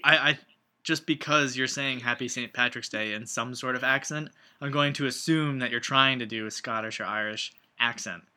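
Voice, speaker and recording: A deadpan man co-hosting a comedy podcast, his voice very bright and sharp. He delivers absurd ideas in a dry, matter-of-fact way during casual chat. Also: mid-range voice, moderate pace. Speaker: podcast co-host.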